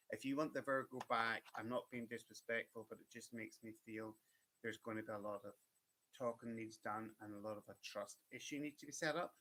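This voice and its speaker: A man's voice: lowish voice, sharp tone, slight background noise. A man giving chatty, reassuring one-card tarot readings on a live stream, addressing viewers by name. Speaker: tarot reader.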